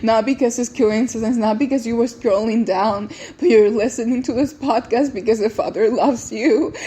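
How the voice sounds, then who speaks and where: A woman's voice: a little high, dark tone. Tearful woman podcast host. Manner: earnest, tearful, repeats words and restarts often. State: close to tears. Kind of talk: emotional personal testimony and encouragement.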